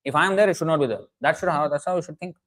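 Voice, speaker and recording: A man's voice: fairly high pitch, racing, fairly bright tone, low-quality recording. A man giving an earnest, emphatic sermon, often restarting phrases and chanting Sanskrit verses. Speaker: preacher. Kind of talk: sermon lecture.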